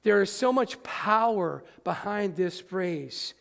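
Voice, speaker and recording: Gravelly high-voiced preacher in a hall. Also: male voice, animated, slow. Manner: emphatic preaching, swings between hushed and loud; addresses the congregation directly. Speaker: pastor. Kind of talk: sermon. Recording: long reverb of a large hall.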